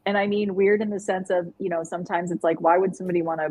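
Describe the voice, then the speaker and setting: Breathy woman co-hosting a live chat. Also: on the low side, fast, low-quality recording. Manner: animated, laughing, rambling. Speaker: co-host. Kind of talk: casual live-stream chat.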